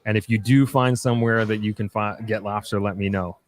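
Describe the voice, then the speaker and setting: Casual New man, slightly low voice. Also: fairly even intonation, brisk. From New York, United States. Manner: reads out comments then answers, with frequent restarts and fillers. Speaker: livestream host answering viewer comments. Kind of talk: casual live chat.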